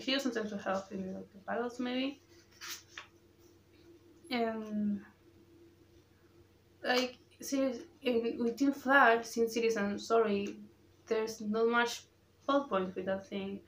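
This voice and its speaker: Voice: medium pitch, slight background noise. Rambling vlogger, roomy sound. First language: Spanish. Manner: rambling, restarts a lot, gets worked up when ranting. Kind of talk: casual opinion chat.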